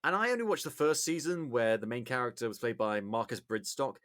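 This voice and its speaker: An English man hosting a podcast, chatting casually with a lively, swooping voice. He tells stories with animation and acts out bits loudly. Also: mid-range voice, fairly quick. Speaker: podcast host. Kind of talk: casual chat.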